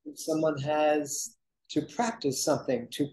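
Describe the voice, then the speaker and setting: A man's voice: a little high, steady tone, measured pace, dark tone, breathy edge, low-quality recording. A man in a spiritual conversation, reflective and earnest, sharing sayings. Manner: reflective and earnest, gives aphorisms.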